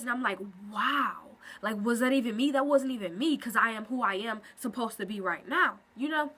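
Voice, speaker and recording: A woman talking casually to camera at home in a vlog, expressive and animated with quick asides. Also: a little high. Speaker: vlogger. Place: at home, indoors.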